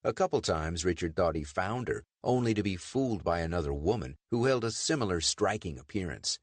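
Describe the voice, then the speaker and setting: A man narrating a pulp adventure audiobook in lively storytelling. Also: low-pitched, a little fast, no room sound. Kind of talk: scripted narration.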